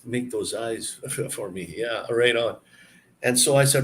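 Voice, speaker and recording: A man hosting a live stream, telling a story and answering viewer comments in a relaxed, chatty way. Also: mid-range voice, moderate pace. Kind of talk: casual live-stream chat.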